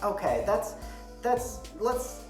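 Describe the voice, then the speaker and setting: A young man co-hosting a casual podcast, retelling a story with animated energy, acting out the lines he quotes and swearing now and then. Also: high voice, takes it slowly. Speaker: podcast co-host. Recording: echoey room with faint music.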